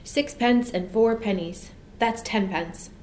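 A woman voicing a sensible older girl who talks in a brisk, practical way. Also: mid-range voice, a little mellow, roomy sound, slight background noise, close to an everyday voice.

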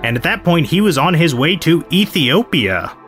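A man's voice: a little high, big pitch swings, moderate pace, fairly bright tone, faint music behind. A man hosting a podcast, telling a history story in a casual, explanatory way. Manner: conversational, explanatory. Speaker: podcast host.

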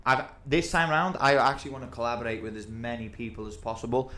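Eager football coach hosting a podcast. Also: male voice, medium pitch, steady tone, fast talker, pushed and bright. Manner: eager, promotional, chatty. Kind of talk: casual podcast chat.

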